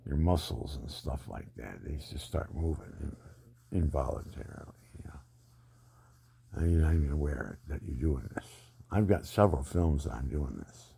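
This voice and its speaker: A man's voice: very deep voice, vocal fry, warm tone, breathy edge, no room sound. An older man telling rambling personal stories in a digressive way, often laughing at his own anecdotes.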